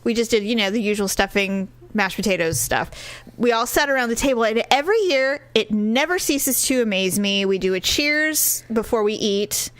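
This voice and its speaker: A woman's voice: fairly high pitch, moderate pace, a bit bright. A middle-aged woman co-hosting a podcast, chatting casually, telling stories with quoted voices and frequent laughter. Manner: chatty storyteller, laughs often, acts out quotes. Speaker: podcast co-host. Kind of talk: casual chat.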